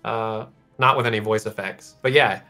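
A voice actor chatting casually and joking during a game stream. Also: male voice, lowish voice, normal speed, music in the background. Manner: joking, easygoing. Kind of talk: casual chat while gaming.

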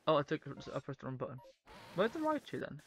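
A man with a slightly higher voice rambles casually through a live gameplay stream. He keeps up a chatty back-and-forth with his viewers as he plays, over a faint hiss. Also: huge pitch swings, fast. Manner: rambling, chatty, talks to viewers while playing.

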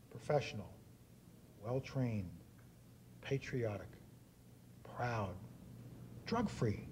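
A man's voice: mid-range voice, mellow, a little hiss or hum. A man in his fifties giving an after-dinner speech, telling anecdotes with acted-out quotes. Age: 50s. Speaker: dinner speaker. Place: banquet hall.

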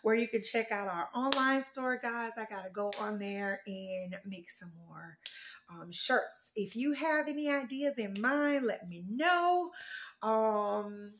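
A woman's voice: on the high side, expressive, slow pace, a bit bright, slight background noise. A woman vlogging casually while she works, chatty and exclaiming, a little out of breath. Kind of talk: casual vlog to viewers.

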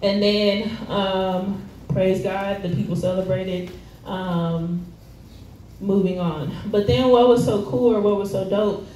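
In a mellow, medium-pitched voice with a steady tone, she takes her time delivering a laid-back, conversational sermon at a church service. Slang, frequent fillers and easy laughter run through it. The church hall echoes, the mic is distant, and there is faint noise.

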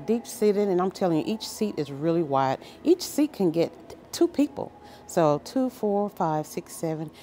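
A woman with a lowish, warm voice tours a big furniture store with her phone and gushes over every piece. Her pitch swings widely as she exclaims, and faint store music plays in the background. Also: lively intonation, normal speed, hardly any pauses, slight background noise. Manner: gushing, enthusiastic, exclaims often. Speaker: shopping vlogger. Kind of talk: casual store walkthrough vlog. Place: large furniture store, indoors.

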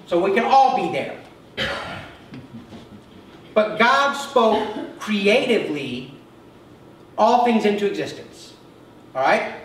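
Preaching plainly to his congregation, this high-voiced pastor keeps tossing in a quick "okay?" as he goes, sounding expressive and fairly bright. He seems set back from the mic, and the sanctuary rings with strong echo over a faint hiss.

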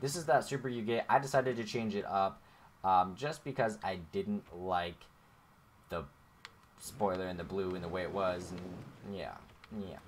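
A man's voice: sits low, moderate pace, slight background noise. A man casually commenting over gameplay as a gaming YouTuber, rambling and chatty with many fillers, talking straight to his viewers. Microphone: desk microphone.

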